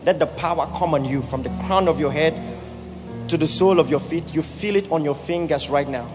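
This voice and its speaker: Emphatic pastor leading an altar call. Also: male voice, fairly high pitch, a little fast. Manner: emphatic, repeats "did you hear what I said". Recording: echoey hall with music behind.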